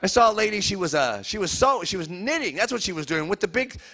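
A high-voiced man works a live comedy crowd with a bright, piercing tone. He fires off jokes and teases people in the audience. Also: very animated. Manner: loud, fast-joking, teases the audience. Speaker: stand-up comedian. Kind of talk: stand-up comedy set with crowd work.

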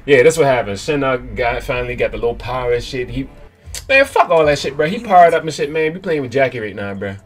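A young man hosting a gaming channel who recaps the story in rambling, excitable, profanity-laced slang. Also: mid-range voice, quick pace. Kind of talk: let's-play commentary. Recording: game music in background.

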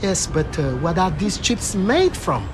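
An overly polite, baffled questioner. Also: male voice, high-pitched, huge pitch swings, a little slow, heavily acted. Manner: formal, apologetic, earnest. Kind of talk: film comedy acting. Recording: outdoor street noise, passing cars.

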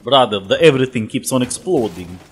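A young man chatting casually while gaming with friends, teasing and excitable. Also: medium pitch, slight background noise. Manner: teasing, excitable, quick to shout. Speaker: gamer.

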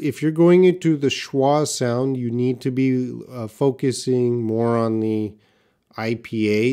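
A man teaches English in a live question-and-answer stream, reading out viewers' questions and modeling words for them to repeat. His voice is mid-range and a little mellow.

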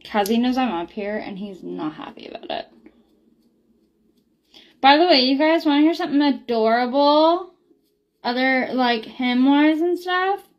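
A woman's voice: on the high side, dull audio. A young woman talking casually in a vlog, rambling with lots of ums and likes. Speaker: beauty product reviewer.

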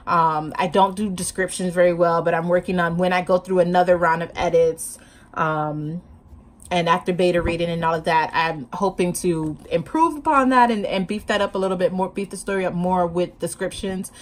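A woman's voice: lowish voice, normal speed. Chatty, hyper woman vlogger. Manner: hyper and chatty, laughs often, talks with her hands. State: sleep-deprived. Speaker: writing vlogger. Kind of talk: casual chat to camera.

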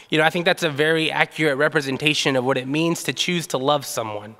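A male pastor delivering a sermon in a relaxed, conversational way, telling a story with frequent fillers. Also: on the high side, quick pace, few pauses, big-room sound.

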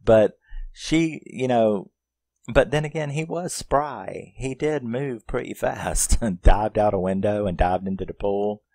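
A man's voice: on the low side, unhurried, a little mellow, no room sound. A man reviewing a horror film in casual, profane storytelling, retelling its plot scene by scene.

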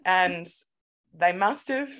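An Australian woman co-hosting a podcast, telling a story in an animated, sweary, casual way. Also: on the low side, takes it slowly. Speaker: podcast co-host. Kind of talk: casual chat.

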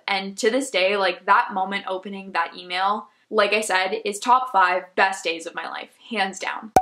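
A woman in her twenties, a veterinary student, telling a chatty, animated storytime vlog full of fillers. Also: mid-range voice. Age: 20s.

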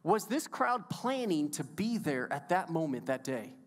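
On the higher side and very animated, this pastor speaks a little slowly as he preaches in the church sanctuary. He's enthusiastic and playful, chatting with the congregation, and the sound is wrapped in long church hall reverb.

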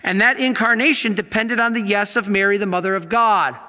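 A man, a Catholic priest, teaching his audience from slides in an animated way, with many rhetorical questions. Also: high-pitched, a little fast. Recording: long hall reverb.

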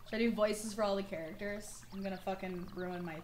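A young woman with a slightly worn, mid-range, a little mellow voice speaks steadily and a little fast, with slight background noise. While streaming a game, she keeps up chatty, profanity-laced commentary and laughs often.

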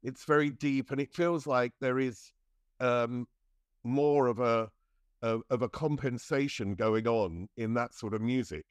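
Guy hosting a podcast, mid pitch, lots of ums, dry sound. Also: a little slow, clear, resonant tone, dry recording. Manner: searching, hesitant questions with many fillers. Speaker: podcast host and interviewer. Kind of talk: thoughtful podcast interview.

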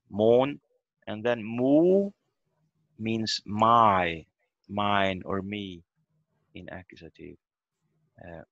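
A man's voice: medium pitch, vocal fry, a bit bright, dry recording. A man teaching a beginner language class online, patient and methodical, breaking words into syllables over a video call. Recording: dull lo-fi video call audio.

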